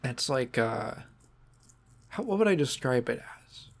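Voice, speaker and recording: A man hosting a podcast, talking in a halting, sentimental way and fighting back tears. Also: mid-range voice, very animated, creaky. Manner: halting, sentimental, restarts often. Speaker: podcast host. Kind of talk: casual podcast monologue.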